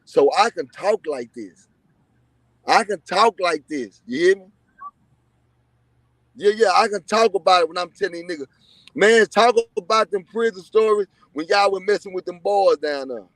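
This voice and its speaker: A man's voice: high-pitched, moderate pace, a bit bright, no room sound. A man from Texas, telling prison stories in a profane, boastful, rambling way. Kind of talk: casual livestream chat.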